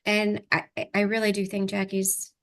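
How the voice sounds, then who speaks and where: A woman's voice: medium pitch, completely flat delivery, moderate pace, a bit bright. Encouraging woman coach guiding breathing. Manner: encouraging, repeats affirmations with breath cues. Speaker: energy clearing coach. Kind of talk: guided breathing and coaching session.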